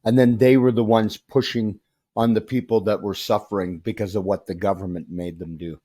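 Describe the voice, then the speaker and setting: A man hosting a podcast, responding sympathetically to his guest in halting, restarting sentences. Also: fairly low pitch, fairly even intonation, mellow, no room sound. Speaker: podcast host. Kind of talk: interview conversation. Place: retreat venue.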